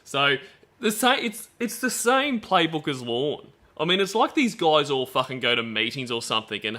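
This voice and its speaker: A man's voice: fairly high pitch, very animated, normal speed, pushed and bright. A man giving blunt, profane commentary on a stream, reading out and reacting to chat logs. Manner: blunt, swearing, disgusted.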